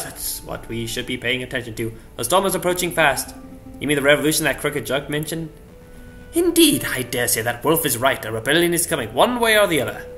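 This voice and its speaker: Sly fox investigator, male, formal courtesies, bright tone, a man doing the voice. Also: mid-range voice.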